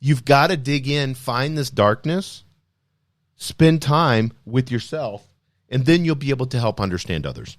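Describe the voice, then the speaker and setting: A man hosting a podcast, speaking in an energetic, emphatic motivational style full of rhetorical questions. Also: mid-range voice, measured pace, dry recording, clean studio sound. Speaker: podcast host. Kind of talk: motivational solo talk.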